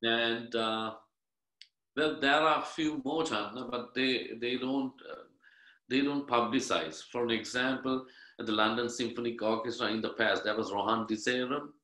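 Middle-aged man from Sri Lanka, bright tone, casual and hesitant, roomy echo. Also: mid-range voice, steady tone, moderate pace. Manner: rambling, with many uhs and restarts. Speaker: guest musician. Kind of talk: casual interview chat.

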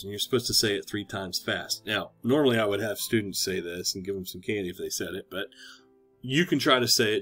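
A man with a fairly low voice teaches a recorded lesson for children. He talks in a chatty, encouraging way and leans into examples when he reads them out. Faint music plays underneath. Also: a bit bright. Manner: chatty, encouraging, reads quotes aloud with emphasis.

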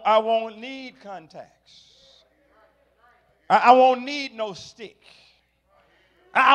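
High-pitched preacher man, rising to shouts. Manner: call-and-response preaching, stammered repeats, builds to shouting. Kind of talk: sermon.

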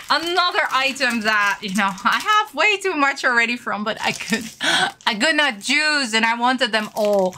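Young woman collector, bright and a bit high-pitched, excitable and gushing as she unboxes. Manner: gushing, excitable, giggles often. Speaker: merchandise collector showing items. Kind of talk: casual unboxing chat.

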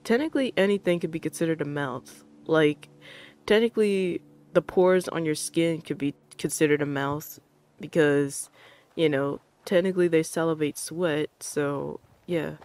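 A VTuber streamer in casual live game-stream commentary, rambling and joking with lots of fillers and minced oaths, and bursting into excited yelling during gameplay. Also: mid-range voice, moderate pace, clear, resonant tone, no echo.

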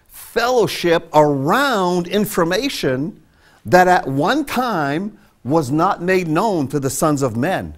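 A man preaching a sermon from a church pulpit, emphatic and conversational. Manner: emphatic, conversational preaching with sudden pitch jumps. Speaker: pastor. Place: church sanctuary.

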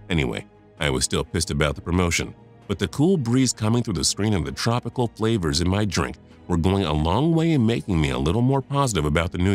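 A man in his fifties narrating a first-person story, confiding and talking straight to the listener. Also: low voice.

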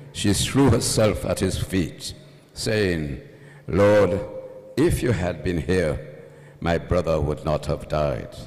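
A male priest gives a funeral sermon in a very deep, low voice. He speaks slowly and deliberately, keeping a solemn tone with dry humor, and his words ring out with a long church reverb. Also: a little mellow. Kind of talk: gospel reading and funeral homily.

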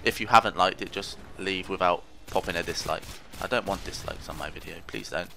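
A man's voice: low voice, fairly quick, bright, forceful tone, slight background noise. A man giving casual commentary over his own gameplay, rambling, mocking himself and trash-talking opponents. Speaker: gaming commentator.

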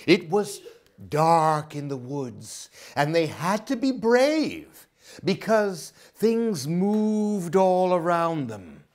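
Animated woman reading aloud to children. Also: lowish voice, extremely slow. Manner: animated, expressive read-aloud voice. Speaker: librarian.

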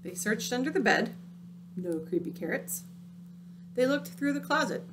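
A woman reading a picture book aloud, dramatic and dropping into hushed, spooky tones. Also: a little high, animated, normal speed, noisy background. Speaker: storyteller.

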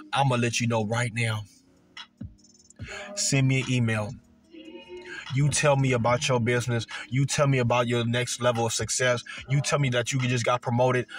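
A man, giving a profane motivational sermon, emphatic and repetitive with heavy swearing. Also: medium pitch. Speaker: motivational speaker.

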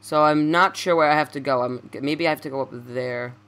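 A man's voice: on the high side, fairly quick, fairly bright tone, clean tone, soft background music. Young man rambling through game commentary. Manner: rambling, stammering, self-correcting. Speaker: let's play commentator. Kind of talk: casual gameplay commentary.

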